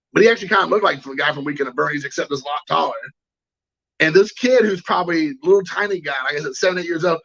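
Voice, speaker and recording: A man's voice: high voice, gravelly, a bit bright, husky, lo-fi sound. A man hosting a collecting show, telling a rambling anecdote in casual chat and greeting viewers. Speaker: card collecting show host.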